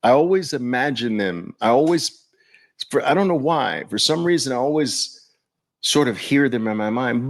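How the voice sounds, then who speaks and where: A man's voice: mid-range voice, expressive, normal speed. A man hosting a podcast in casual livestream talk, chatting loosely and speaking straight to his viewers. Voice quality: gravelly. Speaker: podcast host.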